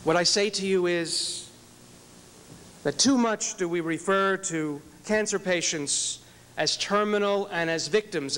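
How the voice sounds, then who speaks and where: A man's voice: high voice, clean tone. A man, a rabbi, telling a personal story in an earnest, inspirational speech at an event. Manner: earnest, storytelling, acts out quoted prayers softly. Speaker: rabbi and speaker. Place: large event hall. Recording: hall with long reverb.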